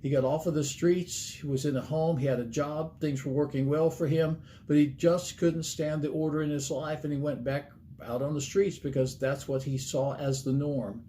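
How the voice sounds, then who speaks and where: A man's voice: on the high side, fairly even intonation, moderate pace, dark tone, slight background noise. A middle-aged man preaching a sermon as a pastor, earnest and plain-spoken, laying out numbered points and folksy stories.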